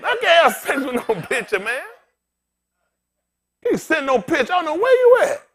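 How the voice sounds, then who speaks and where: An extremely high-pitched man speaking at normal speed preaches as pastor; he is bald and aging. He addresses the congregation directly with jokes, keeping his sermon animated and conversational.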